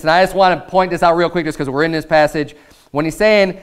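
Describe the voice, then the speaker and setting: Clear-voiced American man preaching a sermon. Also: high-pitched, brisk. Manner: preaching with rising intensity, reading scripture aloud. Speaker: pastor.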